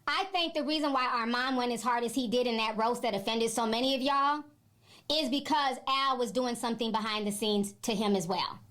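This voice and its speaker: A woman host giving her opinion in a measured, persuasive commentary. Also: on the high side, fairly bright tone.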